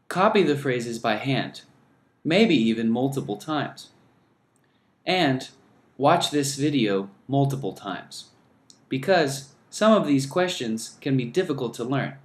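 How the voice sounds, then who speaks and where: A man teaching an English lesson, speaking slowly and deliberately and modelling phrases for learners to repeat. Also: mid-range voice, animated, echoey room. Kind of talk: scripted lesson narration.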